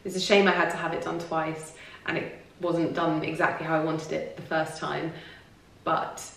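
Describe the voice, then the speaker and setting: A woman speaks to her viewers in loose, confiding vlog chat that keeps circling back on itself. Her voice sits a little low. It comes from some way off the mic and booms around a very echoey room. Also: level tone, moderate pace, creaky, fairly bright tone, recorded from a distance. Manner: rambling and confiding, lots of "like" and restarts. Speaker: lifestyle vlogger. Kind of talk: casual personal talk to camera.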